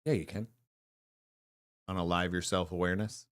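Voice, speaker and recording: A man's voice: sits low, steady tone, moderate pace, no echo, clean studio sound. Rambling, jokey man co-hosting a podcast. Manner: rambling, jokey, trails off mid-thought. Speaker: podcast co-host. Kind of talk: casual chat.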